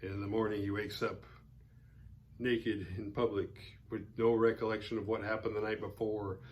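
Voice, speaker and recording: A man's voice: fairly low pitch, flat delivery, normal speed, darkish tone, a little hiss or hum. A man hosting a horror film podcast, casually retelling a movie's plot in a loose, rambling way with lots of "like" fillers and a wry aside now and then. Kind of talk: casual spoken film recap.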